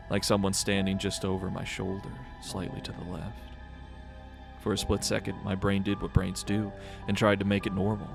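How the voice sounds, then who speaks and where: A man's voice: on the low side, gravelly. A man co-hosting a casual podcast, reading a horror story aloud and joking between passages. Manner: jokey, laughs often, flat reading voice for the story.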